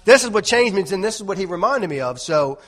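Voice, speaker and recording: A man's voice: high voice, expressive, fast, a bit bright. A man giving an informal sermon, telling a rambling personal story with many restarts and "right?" tags. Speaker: lay preacher.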